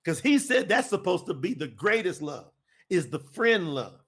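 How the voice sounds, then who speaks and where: Preacher, man in his 50s, high-pitched and lively, folksy, repeats himself for emphasis. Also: moderate pace, slightly rough. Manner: animated, folksy, repetitive. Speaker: preacher and co-host. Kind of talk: preaching talk to an audience.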